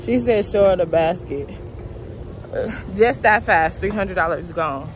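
A woman's voice: fairly low pitch, animated, unhurried, background noise. A young woman chatting casually to her viewers in a vlog, often out of breath. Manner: chatty, addresses viewers directly. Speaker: vlogger. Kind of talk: casual vlog chat to camera.

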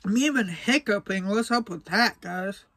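A young man vlogging casually to camera, mouth burning from spicy food, talking slowly with breathy sighs between short remarks. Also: high voice, sharp tone, no echo. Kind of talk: casual vlog talk to camera.

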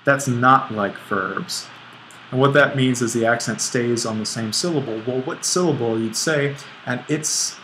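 A man's voice: mid-range voice, unhurried, fairly bright tone, slight background noise, poor audio. A man teaching a grammar lesson over an on-screen whiteboard, thinking aloud and correcting himself as he writes. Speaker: Greek instructor.

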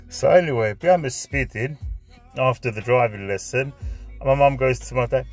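A man in his forties spins a loose personal anecdote, with a medium-pitched voice. He swears freely and slips Greek phrases into his English. His delivery is chatty and unscripted. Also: moderate pace, soft background music. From north London. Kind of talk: anecdotal storytelling.

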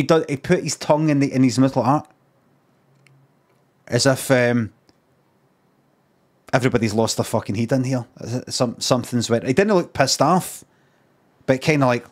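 A man's voice: mid-range voice, a little fast, pauses often. A Scottish man telling a rambling, sweary anecdote on a live stream. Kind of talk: casual storytelling on a live stream.

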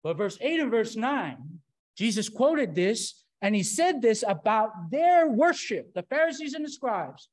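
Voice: medium pitch, very animated, a little slow. A preacher giving an emphatic sermon, drawing the congregation into call-and-response.

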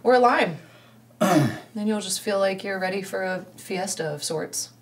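A woman's voice: medium pitch, measured pace. A woman hosting a casual taste-test video, teasing and dramatically complaining. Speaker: candy store video host.

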